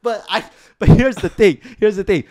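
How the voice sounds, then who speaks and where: A young man telling a dating story in a casual podcast chat, emphatic and animated, often laughing and checking in with "okay?" and "right?". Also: high voice, normal speed. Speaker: podcast guest.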